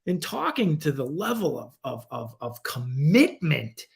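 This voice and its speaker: A man in his forties, a podcast guest, telling stories in a casual, animated, profane way. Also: a little slow, gravelly. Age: 40s. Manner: animated, profane, acts out quoted voices with big pitch jumps.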